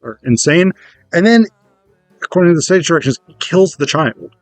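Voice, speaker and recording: A man giving a casual, animated lecture on theatre, chatty and casually profane. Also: a little high, moderate pace, dry recording, faint music behind. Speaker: theatre educator.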